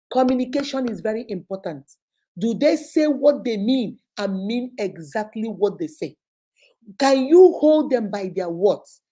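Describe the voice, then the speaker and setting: A middle-aged Nigerian woman lectures her viewers on friendship in a lively, preachy vlog voice, slipping into the voices of the people she quotes. Her tone is mellow and warm, pitched a touch high for a woman. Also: low-quality recording. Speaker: vlogger giving life advice. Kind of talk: motivational talk to camera.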